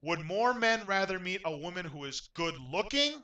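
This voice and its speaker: A man hosting a game show in an upbeat, announcer-like way, getting loudly excited when a contestant wins. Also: high-pitched, moderate pace, far from the mic, rough recording.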